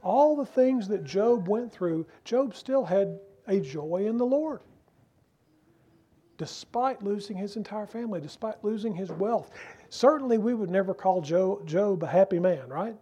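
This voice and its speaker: A man preaching a sermon as pastor, earnest and emphatic, asking rhetorical questions and slowing down to stress key phrases. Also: high-pitched, lively intonation, warm tone, slightly rough, dull audio.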